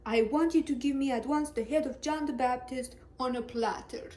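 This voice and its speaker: Woman doing a shrill bratty little girl, high and pushy, kinda far off. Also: moderate pace, darkish tone, natural voice. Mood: demanding. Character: sassy demanding little girl.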